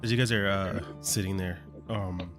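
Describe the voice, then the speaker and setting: Deep male game master, hesitant narration, guitar music underneath. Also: fairly even intonation, moderate pace. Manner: hesitant, many ums and uhs.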